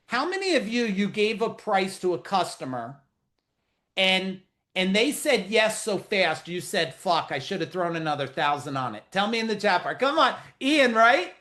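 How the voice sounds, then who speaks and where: Man, middle-aged, high-pitched, blunt, profane, joking, casual webinar coach, video call. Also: big pitch swings, unhurried, sharp tone. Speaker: business coach hosting a webinar. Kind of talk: casual live webinar talk.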